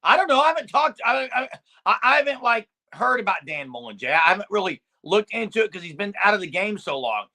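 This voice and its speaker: Bright-voiced man arguing football. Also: high voice, big pitch swings, quick pace. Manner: argumentative, keeps addressing his co-host by name. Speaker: sports podcast co-host. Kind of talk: casual sports talk.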